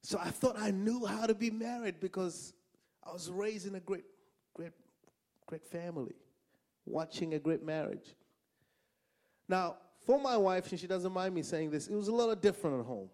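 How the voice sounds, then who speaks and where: Brief: male preacher from Africa, slightly high voice, animated and funny, repeats for punch. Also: moderate pace, pauses often. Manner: animated, humorous storytelling with emphatic repetition. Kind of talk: sermon.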